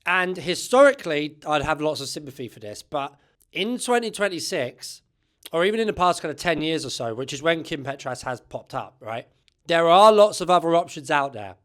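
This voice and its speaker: A man's voice: on the high side, sing-song, normal speed, a bit bright. Chatty man, opinionated commentary. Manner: chatty, opinionated, says "right?" often. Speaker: music channel host. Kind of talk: casual commentary to camera.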